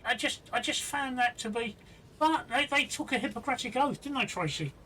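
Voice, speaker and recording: A man's voice: very high-pitched, a little fast, pushed and bright. A man hosting a live stream, talking earnestly and indignantly, often repeating himself. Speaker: host of a live stream show. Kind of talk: casual live-stream chat. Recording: distant from the mic with faint noise.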